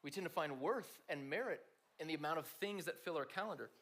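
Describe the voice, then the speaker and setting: A man's voice: a little high, animated, a little fast, a bit bright. A man giving a conversational sermon to a room of students, talking to them directly. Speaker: speaker at a student gathering.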